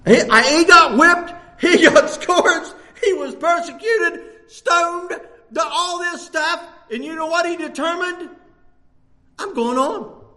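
Man, preacher, sermon, high-pitched, animated, loud-soft swings. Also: slow. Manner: animated, swings between loud bursts and hushed lines, laughs often.

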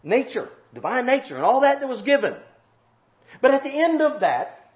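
Man, preacher, sermon, folksy drawl, high lively voice, shouts then murmurs, dull lo-fi sound. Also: fairly quick. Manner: swings from loud shouting to low murmured prayer.

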